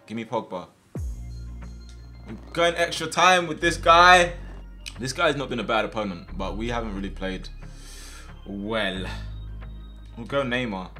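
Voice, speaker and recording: A young man giving casual, slangy commentary over his own football video game matches, with sudden loud outbursts at big plays. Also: mid-range voice, measured pace, long pauses, faint music behind. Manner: casual slangy chat to viewers. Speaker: gaming video host. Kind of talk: live gameplay commentary.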